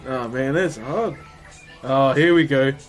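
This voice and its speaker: Laid-back New man streaming. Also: medium pitch. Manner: laid-back, laughs often, greets chatters. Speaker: streamer and woodcarver. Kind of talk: casual live-stream chat. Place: carving workshop.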